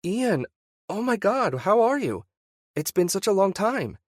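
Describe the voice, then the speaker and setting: A male narrator voicing a friendly young woman answering the phone, her speech soft and rounded, set well above his own pitch. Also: big pitch swings, measured pace, no room sound, clean studio sound. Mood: delighted.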